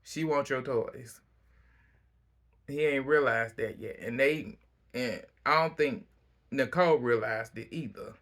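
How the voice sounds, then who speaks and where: A man casually recapping a reality TV episode, chatty and opinionated, breaking into animated asides. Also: medium pitch, measured pace, pauses often.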